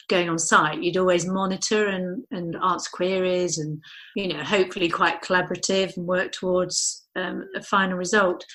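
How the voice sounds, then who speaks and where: A woman's voice: lowish voice, fairly bright tone, poor audio. A middle-aged woman architect talking in an interview, thinking aloud with restarts and lots of "you know". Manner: thoughtful, rambling with restarts and frequent "you know". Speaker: architect guest. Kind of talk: conversational interview.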